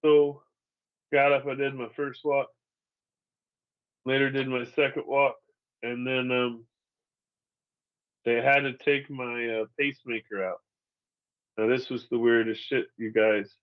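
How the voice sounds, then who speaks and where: Profane, candid comedian telling a story. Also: male voice, medium pitch, flat delivery, measured pace, pauses often, highs cut off. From Seattle, USA.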